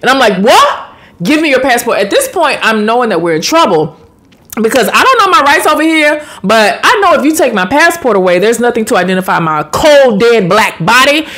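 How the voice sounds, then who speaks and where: A woman from the United States telling a personal story in a casual storytime vlog, slangy and animated, with sudden high exclamations. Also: a little fast.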